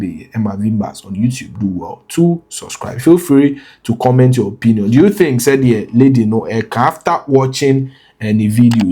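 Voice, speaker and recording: A man's voice: lowish voice, dark tone, husky. A man hosting a news commentary in a loose, offhand way. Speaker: news show host.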